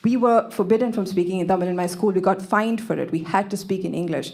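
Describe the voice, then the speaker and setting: A woman raised in Kenya and India doing a stand-up comedy set on a club stage, telling stories in a quick, self-mocking way and acting out the lines of people she quotes. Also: mid-range voice, a little mellow. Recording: live club recording with background noise.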